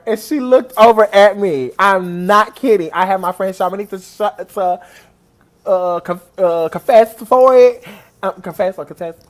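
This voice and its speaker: A man telling an excited personal story on his vlog, gushing and animated and speaking straight to his viewers. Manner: animated and gushing, big pitch swings, talks straight to viewers. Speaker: vlogger.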